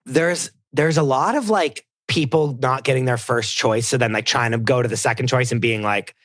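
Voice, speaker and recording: A man's voice: mid-range voice, normal speed, a bit bright, no echo, clean studio sound. A man, a TV producer guest on a podcast, gushing and swearing in casual chat while acting out quotes.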